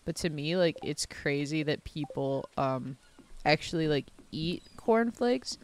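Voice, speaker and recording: A woman's voice: deep voice, lively intonation, a little slow, darkish tone. A young woman from the American South, streaming a game and rambling casually with lots of fillers and self-mocking asides. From Southern United States. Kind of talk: casual chat while gaming.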